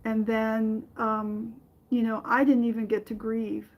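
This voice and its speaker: Slow-talking woman podcast host, halting. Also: fairly high pitch, flat delivery, a little mellow, poor audio. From from another country. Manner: halting, many fillers and restarts. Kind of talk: personal storytelling on a podcast.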